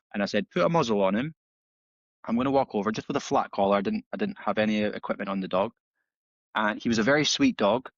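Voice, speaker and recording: Low-voiced man telling dog-training stories. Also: no echo. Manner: animated storytelling, acts out dialogue with frequent restarts. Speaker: balanced dog trainer, podcast guest. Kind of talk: casual podcast conversation. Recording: slightly dull, dry audio.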